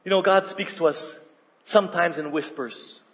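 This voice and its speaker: High-voiced man preaching a sermon. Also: moderate pace, muffled recording. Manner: emphatic preaching with call-and-response questions. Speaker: pastor. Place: church hall.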